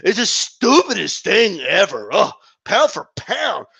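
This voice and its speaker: A man's voice: sits high, very animated, measured pace, creaky, bright, forceful tone, husky, full character voice. A man putting on the voice of a dismissive, know-it-all boxing critic, mocking his manner. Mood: scoffing.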